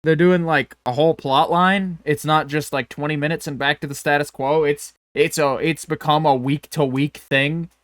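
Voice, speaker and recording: Podcast co-host, male, higher register, meandering and salty, with a dry close sound. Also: fairly even intonation, moderate pace, hardly any pauses, fairly bright tone, no room sound. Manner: rambling, profane, self-interrupting. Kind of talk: casual chat.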